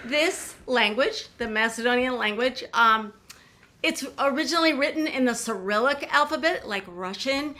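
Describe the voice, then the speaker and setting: A woman leading an online singing session, walking listeners through a folk song one step at a time. Her voice is bright and fairly high, and she talks at an unhurried pace. Soft instrumental music sits in the background. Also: expressive. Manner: upbeat, explains step by step. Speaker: song leader.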